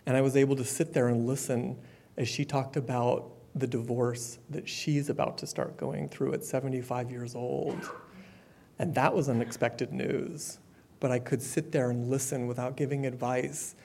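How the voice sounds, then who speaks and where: A middle-aged man giving a personal testimony at a support meeting, candid and conversational, with fillers and the odd soft laugh. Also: medium pitch, level tone, normal speed, creaky. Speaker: speaker sharing his recovery story.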